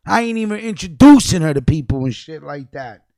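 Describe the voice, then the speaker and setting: A man ranting angrily on a livestream, cursing a lot, repeating himself, and jumping between low mutters and loud outbursts. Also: lively intonation, fairly quick, dry recording, clean studio sound. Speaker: livestream host. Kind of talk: profane ranting commentary.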